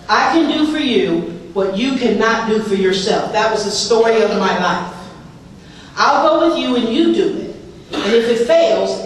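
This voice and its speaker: A woman's voice: mid-range voice, far from the mic, a little hiss or hum. A woman telling her own life story to an audience, wry and self-mocking, with a comic touch. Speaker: speaker sharing a recovery story. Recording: echoey hall, heard from afar.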